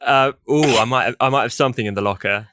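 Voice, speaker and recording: A man's voice: mid-range voice, quick pace, dry recording, studio quality. A man co-hosting a podcast in a casual, jokey chat. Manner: lively, jokey, laughs easily. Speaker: podcast co-host.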